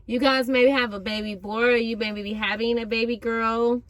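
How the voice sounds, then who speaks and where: Woman, high voice, tarot reader, casual reading, amped, slangy, chatty. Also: little pitch movement, moderate pace, a bit bright, dry recording.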